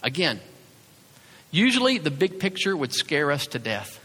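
A man's voice: fairly high pitch, very animated, a little slow, pushed and bright, husky. A man preaching a sermon as a pastor, talking conversationally and acting out little asides. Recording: reverberant hall sound.

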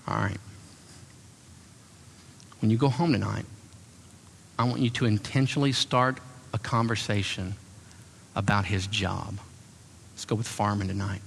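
A man's voice: lowish voice, gravelly, a little hiss or hum. A man preaching as a pastor, telling stories and acting out the voices of the people he quotes. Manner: animated, acts out quoted voices. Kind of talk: sermon with storytelling. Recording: long hall reverb.

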